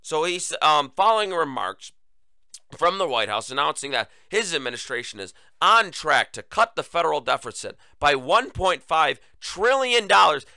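A man's voice: fairly high pitch, very animated, moderate pace, vocal fry, sharp tone, no echo. A man hosting a solo political talk show, sarcastic and mocking, speaking to his listeners with a lingering cough. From United States. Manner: sarcastic, mocking, conversational asides to "folks". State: recurring cough. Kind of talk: solo opinion commentary.

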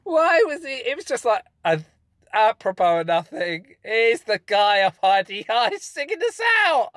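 An easygoing British man chatting and laughing along as a podcast co-host. His voice sits a little high and moves around a lot, and it is recorded dry and close. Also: very animated, unhurried, a bit bright, no echo. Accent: British English. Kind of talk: casual chat.

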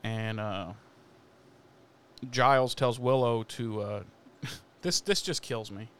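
A man hosting a podcast recaps an episode in loose, casual chat, swearing freely and laughing as he goes. His voice is smooth and clear, at a middle pitch. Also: slow pace, fairly bright tone. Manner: profane, laughing storyteller. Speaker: podcast host.

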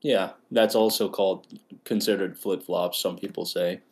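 A man's voice: low-pitched, fairly even intonation, normal speed. A young man from Australia co-hosting a casual podcast, joking and teasing with laughs. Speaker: podcast co-host. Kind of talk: casual crude podcast banter.

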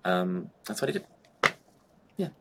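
A man's voice: low-pitched, big pitch swings, measured pace. A young man, a drag performer, chatting in an interview and telling stories in a loose way, full of "like" and casual swearing. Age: young adult. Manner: chatty storytelling, heavy on "like", swears freely.

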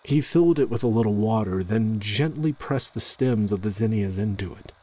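A man narrating a scripted horror story in a slow, measured way. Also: on the low side, expressive, warm tone, rough recording.

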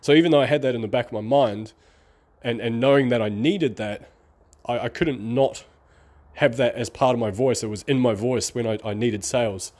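A man's voice: mid-range voice, normal speed, a little mellow. A middle-aged man with an accent between Australian and New Zealand and a slight lisp, drawing out his words in a rambling, candid vlog monologue. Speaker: online marketing vlogger. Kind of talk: casual talking-to-camera monologue.

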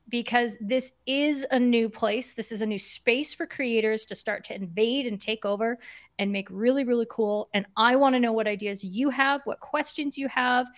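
A woman guest on a live stream, talking casually and encouragingly about building online communities. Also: a little high. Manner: earnest, encouraging, chatty. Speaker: guest, Discord consultant for creators.

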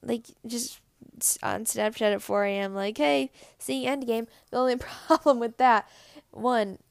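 Teen girl podcaster, chatty and giggly, slight vocal fry, dry close mic. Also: fairly high pitch, steady tone, measured pace, no room sound. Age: teens. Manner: rambling, giggly, lots of "like". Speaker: podcast co-host. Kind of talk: casual solo podcast chat.

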